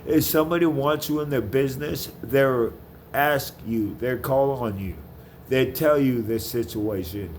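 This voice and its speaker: A man's voice: medium pitch, unhurried, a little mellow, slight background noise. A man in a heated, profane rant, repeating himself as he vents about a dispute. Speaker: vlogger. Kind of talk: angry rant to camera.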